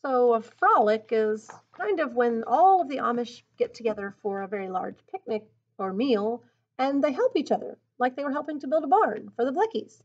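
A woman reading a picture book aloud in an expressive, teacherly way, pausing to think aloud about the story. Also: a little high. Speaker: storybook reader. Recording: dull lo-fi recording.

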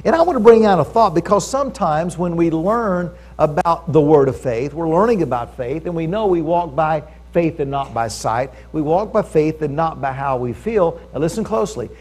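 A man's voice: on the high side, expressive, moderate pace, hardly any pauses, a little mellow. A man preaching a sermon in a conversational way at a church service, stressing key phrases and asking the audience for agreement.

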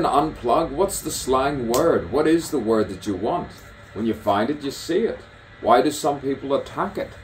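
A man's voice: mid-range voice, a little mellow, a little hiss or hum. A man talking outdoors in a rambling stream-of-consciousness monologue, musing aloud and repeating his own phrases over and over. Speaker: poet and artist. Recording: distant mic with faint outdoor ambience.

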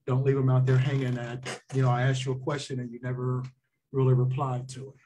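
A man appearing as a sports official guest, giving calm, measured advice in casual interview talk. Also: medium pitch, a little hiss or hum.

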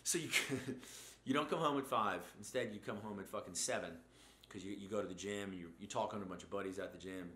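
Man, bright forceful voice, low-ish pitch, blunt profane motivational rant, echoey room. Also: a little fast, slight background noise. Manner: blunt, profane, heavy swearing, mocking asides. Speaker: host.

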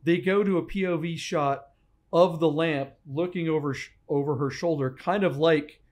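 Man, podcast co-host, fairly high voice, animated storyteller, casual studio chat. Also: normal speed. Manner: animated storyteller, acts out scenes.

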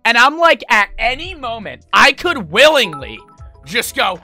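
Animated young man telling wild stories. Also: very high voice, unhurried, soft background music. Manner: rambling, animated, swears a lot, many "like" fillers. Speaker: streamer. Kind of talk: casual storytelling chat.

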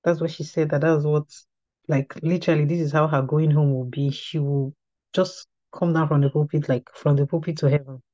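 Here a woman with a low, warm voice talks a little fast in a steady tone, with no echo. She teaches at a women's ministry through an earnest, storytelling testimony, often repeating and restarting phrases. It's a slightly dull lo-fi recording.

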